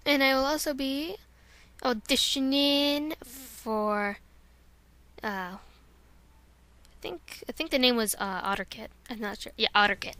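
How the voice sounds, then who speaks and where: A woman's voice: sits high, steady tone, measured pace, long pauses, bright, forceful tone, clear, resonant tone. A young woman chatting casually into a close home mic, rambling and self-deprecating between her voice-acting takes. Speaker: amateur voice actor. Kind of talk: casual vlog chat.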